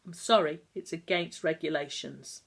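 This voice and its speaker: A timid young nurse, apologetic and coaxing, trying to keep the peace, as a woman reading a storybook puts her on. Her voice stays low and politely hesitant. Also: normal speed, vocal fry, breathy edge, heavily acted. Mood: nervous. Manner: nervous, sing-song coaxing.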